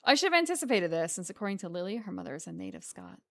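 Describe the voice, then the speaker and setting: A woman's voice: medium pitch, wildly swooping pitch, very fast. A woman streamer reading a visual novel aloud and commenting between lines in a casual way.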